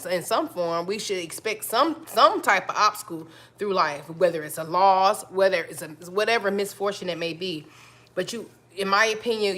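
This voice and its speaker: A woman's voice: medium pitch, fairly bright tone. A woman hosting a live stream, talking casually and encouragingly to her viewers, often repeating herself and calling them y'all. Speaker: livestream host.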